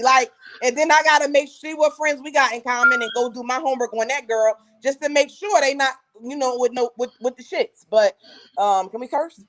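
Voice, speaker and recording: Lively woman telling funny stories on a podcast, kinda high voice. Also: moderate pace. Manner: animated storyteller, slangy and laughing. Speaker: co-host. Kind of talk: casual podcast chat.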